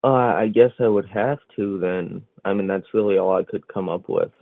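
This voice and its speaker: Male caller, low and creaky, unsure and stumbling, phone-line audio. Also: no echo. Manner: hesitant, halting, many false starts. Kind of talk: call-in debate. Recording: dry tinny phone line.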